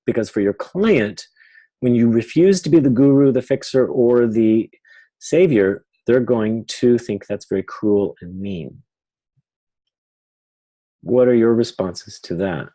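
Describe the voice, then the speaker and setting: A man's voice: medium pitch, unhurried, mellow, poor audio. A man leading a live webinar, explaining ideas and acting out what clients say in quoted voices. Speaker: webinar teacher.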